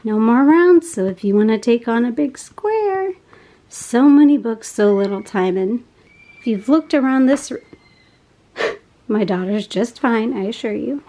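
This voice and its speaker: A woman chatting casually as she unboxes craft kits, gushing with soft laughs. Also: fairly high pitch, expressive, unhurried, rough recording. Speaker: unboxing vlogger.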